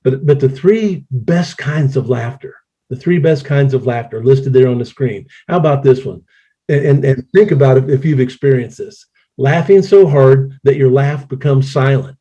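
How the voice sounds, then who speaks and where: A playful man in his sixties leads a laughter yoga session online with a mellow, relaxed tone. He jokes at his own expense and slips into laughter freely. The home computer mic gives the sound a dull, lo-fi quality. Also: medium pitch, moderate pace, breathy edge. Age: 60s. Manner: jokey, playful, breaks into laughter. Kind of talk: casual online presentation. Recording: dull lo-fi audio.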